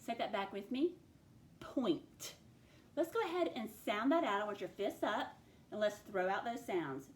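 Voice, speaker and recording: A woman with an expressive, medium-pitched voice leads a phonics spelling lesson. She dictates each word by slowly stretching out its sounds, recorded in an echoey room with faint ambience.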